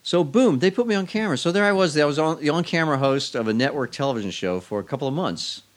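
A man's voice: a little high, animated, fast talker. A man telling a long story as an interview guest, casually and wryly, with frequent restarts. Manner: rambling, restarts often, wry.

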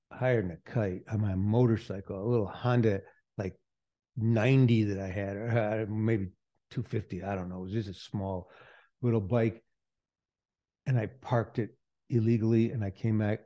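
Low-voiced man rambling through a podcast. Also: dark tone. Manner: rambling, loose, with restarts and asides. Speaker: podcast host. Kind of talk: casual podcast monologue.

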